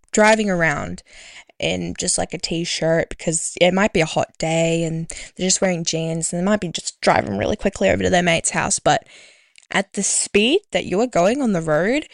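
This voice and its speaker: A woman's voice: fairly low pitch, moderate pace, gravelly, no room sound, studio quality. Chatty Australian woman radio host. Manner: chatty, rambling, self-deprecating. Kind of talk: casual radio chat.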